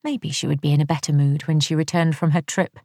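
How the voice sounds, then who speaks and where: A woman narrating an audiobook in a measured, wry storytelling manner. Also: sits low, steady tone, darkish tone, no echo, studio quality.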